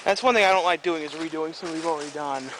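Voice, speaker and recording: A young man with a hoarse voice, chatting and joking to camera in a casual vlog, recorded on a camcorder. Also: on the high side, racing. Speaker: vlogger. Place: outdoors in woods, then indoors at home. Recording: faint background noise.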